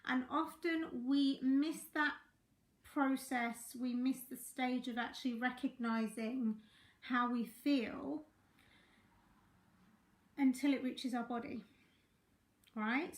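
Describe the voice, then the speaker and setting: A woman giving a chatty coaching talk on a live stream, her throat croaky today. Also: high-pitched, unhurried, long pauses, echoey room. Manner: warm greetings to viewers, chatty with fillers. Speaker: life coach.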